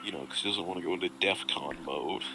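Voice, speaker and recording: A man's voice: low-pitched, quick pace, background noise. A man playing a tabletop role-playing game, hesitant and deliberating over his choices, with music behind him. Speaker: player. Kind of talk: casual tabletop play.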